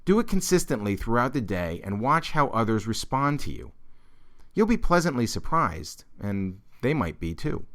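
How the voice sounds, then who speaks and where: A male professor reads a prepared broadcast lesson at a middle pitch. His voice rises and falls widely, and he leans hard on key points in an earnest, measured manner. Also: fairly bright tone. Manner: earnest, measured delivery with emphatic turns. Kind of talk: scripted instructional broadcast.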